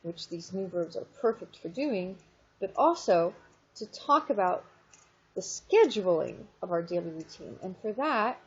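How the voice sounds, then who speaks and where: A woman teaching French in a recorded online lesson. She explains step by step and says French examples slowly and clearly. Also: medium pitch, lively intonation. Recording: dull lo-fi screen recording.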